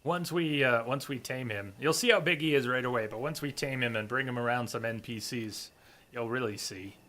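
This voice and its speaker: This man streams a game with chatty live commentary, his mid-range voice sharp in tone and moving at a moderate pace. Between remarks to his viewers in chat, he coaxes his in-game horse along.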